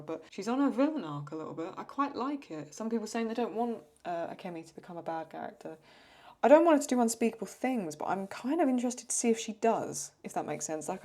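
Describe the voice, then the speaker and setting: A young woman from England hosts a casual chat while drawing, rambling and talking to herself as she answers viewer questions. Her voice is lowish and mellow.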